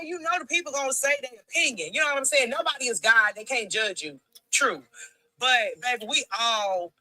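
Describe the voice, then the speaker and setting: A woman's voice: fairly high pitch, bright, forceful tone, no room sound. A woman hosting a casual livestream, blunt and profane, chatting and reading out viewer comments. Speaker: livestream host.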